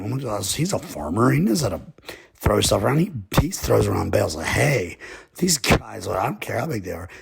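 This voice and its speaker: A man tells a rambling comic tale in a slow drawl, breaking into chuckling asides. His voice is gravelly and rough, with a husky rasp over every line. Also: mid-range voice. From Texas. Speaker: comedic storyteller.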